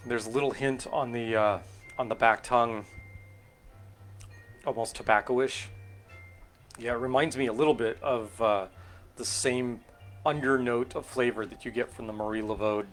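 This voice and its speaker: A man's voice: medium pitch, steady tone, moderate pace, pauses often, fairly bright tone, soft background music. Rambling man mixing drinks on a stream. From California, Central Valley. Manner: rambling, thinking aloud with fillers and self-corrections. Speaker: host making cocktails. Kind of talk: casual live-stream chat while mixing drinks.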